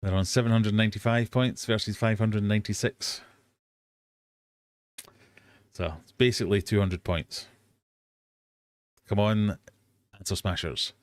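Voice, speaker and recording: A fairly low-pitched English man hosting a casual live quiz. He chats easily, mocks himself and wanders off on tangents before reading the next question. The sound is close and dry. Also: fairly even intonation, normal speed, no room sound. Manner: chatty, self-mocking, easily sidetracked, bursts into silly sung bits. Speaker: host of a live quiz hangout.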